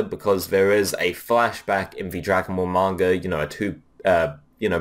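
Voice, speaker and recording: A man's voice: sits low, a bit bright. A man giving a casual, rambling review of a trailer, with many fillers and restarts. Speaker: video reviewer.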